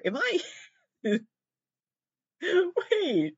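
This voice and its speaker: A young man from Massachusetts rambles through a casual podcast, cursing and poking fun at himself. His somewhat high voice swoops all over, recorded close and dry with a slightly dull, lo-fi tone. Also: expressive, normal speed, no echo. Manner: rambling, swearing, self-mocking with frequent laughs. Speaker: podcast host. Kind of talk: casual solo commentary.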